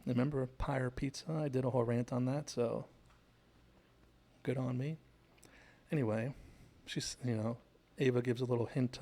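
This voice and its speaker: Gravelly man recapping a TV episode. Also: medium pitch, mellow. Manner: chatty and digressive, retells scenes. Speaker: TV show analysis host. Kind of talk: casual scene-by-scene commentary.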